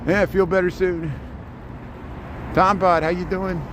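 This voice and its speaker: A man's voice: sits high, flat delivery, unhurried. A man with a Chicago accent live-streaming a walking tour, chatting casually and greeting viewers by name as he walks outdoors. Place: outdoors on a busy city street. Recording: clear traffic noise behind.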